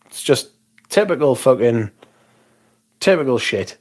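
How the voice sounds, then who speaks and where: A man's voice: mid-range voice, lively intonation, moderate pace, long pauses, darkish tone. A young man hosting a livestream, chatting casually, rambling and swearing as he reads comments aloud. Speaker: livestream host.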